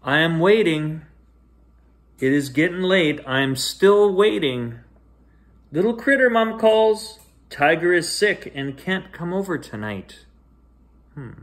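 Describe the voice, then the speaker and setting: A man reading a children's bedtime story aloud in a gentle, expressive way, with sing-song rises and hushed drops. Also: on the high side, slow pace.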